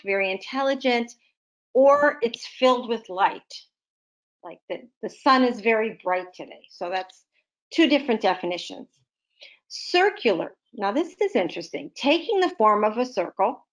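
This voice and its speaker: A woman tutor walks through a vocabulary lesson with patience, stopping often to give everyday examples. Her voice sits a little high for a woman, and she keeps her explanations plain and friendly. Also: a bit bright. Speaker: literacy tutor.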